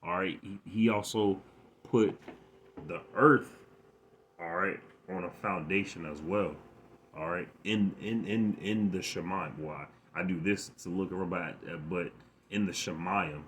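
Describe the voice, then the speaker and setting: A man giving an informal scripture lesson into a phone, halting and repeating words, reading verses aloud with more force. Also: low voice, a little hiss or hum. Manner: halting, repeats words, stammers when excited. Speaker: scripture teacher.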